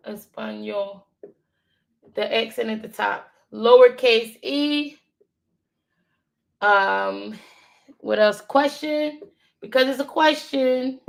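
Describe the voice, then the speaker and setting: A woman learning a language, thinking aloud and slowly repeating words to practice them. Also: fairly high pitch, gravelly, fairly bright tone. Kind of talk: thinking aloud while studying.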